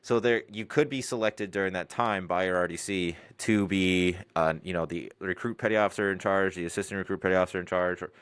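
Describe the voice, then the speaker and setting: A man who is a Navy drill instructor, answering interview questions in a relaxed, rambling way with laughs between points. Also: low-pitched, brisk, few pauses, clean tone, no echo. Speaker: Navy recruit division commander, guest.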